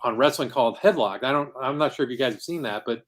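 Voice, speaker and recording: A man speaks at a medium pitch, quickly, with a fairly bright tone. He's a guest on a casual podcast interview, recounting in an earnest, rambling way how he founded a comic convention.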